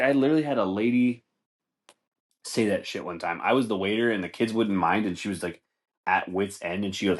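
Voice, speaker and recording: A man with a deep voice, speaking a little fast, hosts a comedy podcast. He rambles loosely through stories, swearing, laughing and saying "dude" a lot.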